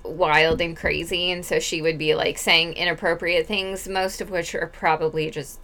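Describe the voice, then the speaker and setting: A woman co-hosting a podcast in casual chat, quick and teasing, often giggling. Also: fairly low pitch, flat delivery, bright, forceful tone. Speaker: podcast co-host.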